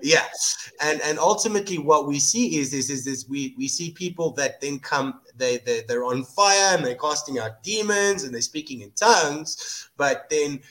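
A man's voice: a little high, animated, moderate pace, fairly bright tone. A man hosting a podcast, talking through scripture in an earnest, casual way and often repeating words while he thinks. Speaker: podcast host. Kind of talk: casual Bible discussion.

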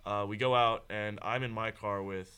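A young man co-hosting a podcast, telling a high school story in casual chat, rambling and laughing along. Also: steady tone, moderate pace, sharp tone, clear, resonant tone. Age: young adult. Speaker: podcast co-host.

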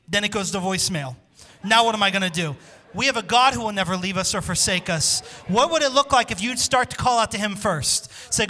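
A man preaching a sermon as pastor, impassioned, dropping to a hush when quoting scripture. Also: sits high, animated, fairly quick.

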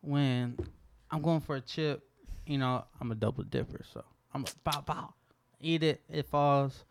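A woman's voice: very deep voice, unhurried, a little hiss or hum. A young woman co-hosting a podcast, telling stories in loose, casual chat full of swearing. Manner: loose, profane storytelling. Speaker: podcast co-host.

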